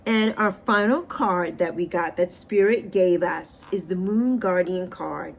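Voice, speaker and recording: Expressive woman in her sixties, spiritual host. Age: 60s. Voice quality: expressive, swings pitch and loudness for emphasis. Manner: repeats phrases, drawn-out affirmations. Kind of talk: tarot card reading and uplifting chat.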